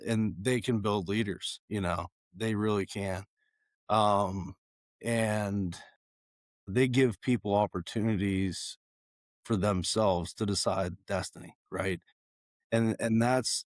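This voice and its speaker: A man losing his voice, talking in a raspy, hoarse way with many fillers and restarts in a casual conversation. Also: fairly low pitch, dry recording, studio quality. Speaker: guest.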